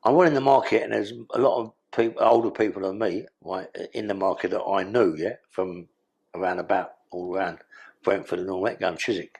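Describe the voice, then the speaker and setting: Gravelly older London man. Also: deep voice, fairly even intonation, a little fast, a little mellow. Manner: blunt streetwise storytelling, swears freely. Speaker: guest. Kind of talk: storytelling interview.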